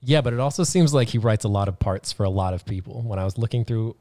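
A man's voice: lowish voice, quick pace, warm tone, dry recording, clean studio sound. A young man co-hosting a casual movie podcast, cracking jokes and laughing often. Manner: joking, quips, laughs often. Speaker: podcast co-host.

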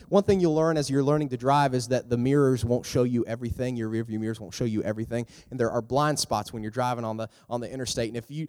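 A man giving a youth sermon in a lively, storytelling manner, acting out the characters as he talks. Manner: animated, acts out characters with big pitch jumps. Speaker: youth pastor. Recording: long hall reverb.

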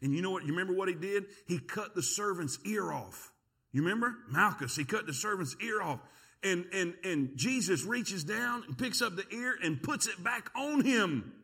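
A pastor preaching a sermon, telling a story with lively energy and quick repeated words. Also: male voice, high-pitched, breathy edge. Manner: storytelling, animated, repeats words when excited.

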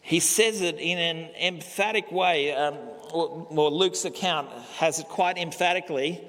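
A male pastor preaching a sermon, slow and emphatic, pausing on key words. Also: on the high side, a bit bright. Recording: long hall reverb.

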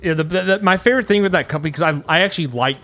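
A man co-hosting a podcast, chatting casually and dropping quick jokey asides. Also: a little high, sharp tone. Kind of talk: casual technical chat.

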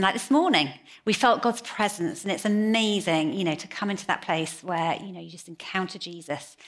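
Woman, preacher, lowish voice, conversational sermon. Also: fairly bright tone. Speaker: pastor. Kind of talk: sermon with storytelling.

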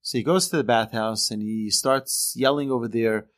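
A man's voice: mid-range voice, moderate pace, hardly any pauses. Earnest man telling religious stories. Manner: earnest, animated storytelling. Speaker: religious teacher. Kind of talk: storytelling lesson.

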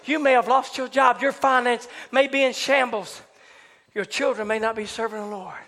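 A man preaching a sermon, building to shouted, chanted repetitions. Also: very high voice, steady tone, moderate pace, big-room sound. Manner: rising to shouted, chanted preaching with repeated phrases. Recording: live church service with congregation.

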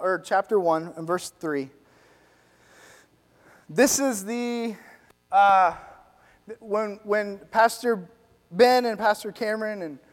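A male pastor with an unusually high voice delivers a sermon and gets wrapped up in the story he tells. His delivery swings from loud bursts to hushed near-whispers. The sound carries the long reverb of a large church hall.

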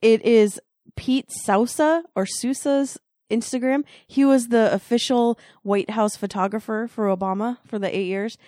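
A woman co-hosting a podcast, chatty and quick to laugh. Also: a little high, fairly even intonation, warm tone, no room sound, clean studio sound. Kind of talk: casual chat.

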